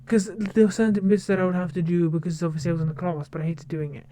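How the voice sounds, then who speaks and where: A young woman chats casually to her stream, her voice soft and mellow. She rambles and keeps breaking off to restart her sentences. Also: lowish voice, little pitch movement, quick pace. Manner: rambling, self-interrupting with many restarts. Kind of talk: casual livestream chat.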